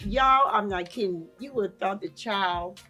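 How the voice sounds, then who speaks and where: A woman's voice: medium pitch, moderate pace, music in the background. A woman on a talk show panel, telling a story in a casual way and acting out what people said. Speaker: panel guest.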